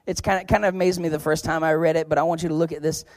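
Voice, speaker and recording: A man preaching a sermon as pastor, talking in a conversational, joking storytelling way with sudden loud bursts of emphasis. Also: a little high, level tone, very fast, no echo, studio quality. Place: church.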